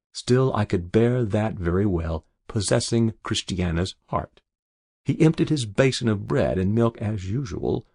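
A man reading a classic novel in measured, unhurried narration. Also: mid-range voice, creaky, a little mellow, slightly rough, dry recording, clean studio sound. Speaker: audiobook narrator. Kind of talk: scripted literary narration.

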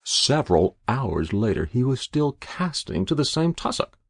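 A man reading a story aloud in a measured, expressive way. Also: medium pitch, creaky, husky, dry recording, studio quality. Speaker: narrator.

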